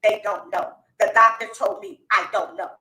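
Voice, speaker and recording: Earnest woman, bright roomy phone live. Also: medium pitch, fairly even intonation, normal speed, recorded from a distance. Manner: earnest, pleading, repetitive. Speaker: live streamer. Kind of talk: emotional live-stream address.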